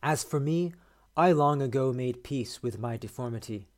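Guy reading a story on his podcast, steady measured pace, middle pitch. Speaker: podcast host. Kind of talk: reading a short story aloud.

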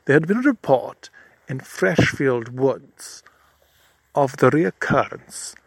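A man telling a mock-serious comic tale, pompous and formal, with a dry wordiness. He speaks slowly at a middling pitch, close to the mic in a dead, dry room. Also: a bit bright, dry recording. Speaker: narrator and comic investigator. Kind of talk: mock-serious comedy narration.

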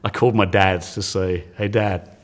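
A man in his forties from the United Kingdom, a science teacher telling stories as a guest in an interview, animated and laughing often. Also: low voice, normal speed. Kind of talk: storytelling in an interview.

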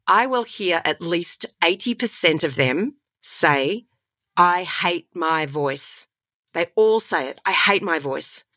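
A woman's voice: on the low side, a little slow, hardly any pauses, no room sound, studio quality. A woman with an Australian accent, a voiceover artist and voice coach, talking with enthusiasm in a conversational interview. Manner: enthusiastic, animated storytelling with laughs.

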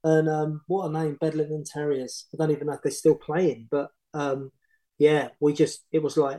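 Middle-aged man, mellow, animated storyteller. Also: a little high, moderate pace, low-quality recording. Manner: animated, rambling anecdotes with many restarts. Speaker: former football manager, podcast guest. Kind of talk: casual storytelling.

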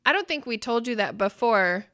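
A young adult woman co-hosting a casual podcast, telling stories with swearing and bursts of loud laughter. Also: a little high, expressive, normal speed. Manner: swearing, storytelling, laughs loudly. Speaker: podcast co-host. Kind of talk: casual chat.

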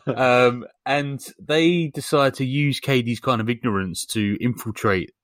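A man's voice: medium pitch, measured pace, no echo. A man co-hosting a podcast, casually retelling a film plot in a rambling, jokey way with lots of ums. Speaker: podcast co-host.

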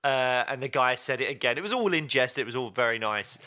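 Bright-voiced man, chatty podcast co-host. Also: mid-range voice, brisk. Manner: chatty, lots of fillers, animated storytelling. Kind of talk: casual chat.

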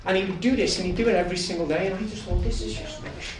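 A man giving a lively, humorous testimony as a storytelling talk. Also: high-pitched, racing. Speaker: testimony speaker. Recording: echoey room from far off, noisy ambience.

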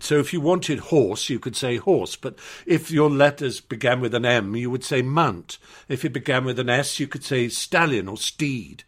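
An older man with an English accent, talking in an articulate, anecdotal way as an interview guest, often restarting his phrases. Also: medium pitch. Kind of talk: conversational storytelling.

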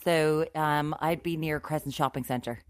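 Low-voiced wry Limerick woman. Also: fairly even intonation, a little slow, clear, resonant tone, dry recording, clean studio sound. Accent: Irish (Limerick). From Ireland (Limerick suburbs). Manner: wry, chatty storytelling. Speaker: podcast co-host. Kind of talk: casual chat.

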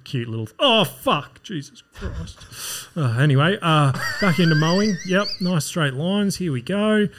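A man's voice: fairly high pitch, animated, unhurried, few pauses, a bit bright, voice pushed up. A man with an Australian accent voicing a smug, goofy lawn-mowing influencer in a parody vlog voice-over, with mock-upbeat patter. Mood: cheesy.

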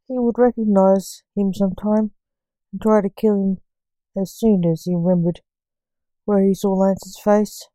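A woman narrating a story she reads aloud in a plain, unhurried way. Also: mid-range voice, steady tone, dark tone, no echo, poor audio.

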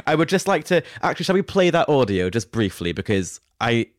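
Cheeky man, lively pitch. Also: fairly quick, no echo, studio quality. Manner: playful, cheeky innuendo, lively laughter. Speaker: podcast co-host. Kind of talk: casual chat.

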